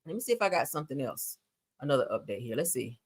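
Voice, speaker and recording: A low-pitched woman with hosts a casual live stream. Her pitch swings widely as she reacts to the clips, and she drops swear words and playful asides as she goes. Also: quick pace, slightly rough. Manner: animated, swears freely, laughs, playful asides. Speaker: commentary show host.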